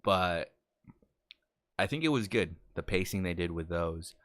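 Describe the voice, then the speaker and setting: A man co-hosting a casual podcast chat, telling stories with lively acted-out quotes. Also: a little slow, no echo, studio quality. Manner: animated storytelling, acts out quotes with big jumps in pitch. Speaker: podcast co-host.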